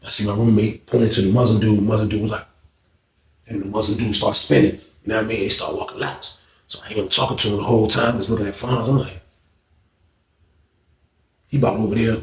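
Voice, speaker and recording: A man's voice: fairly low pitch, fairly even intonation, fast talker, long pauses. A man telling a story in a casual, slangy way and acting out the scenes with voices. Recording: roomy echo.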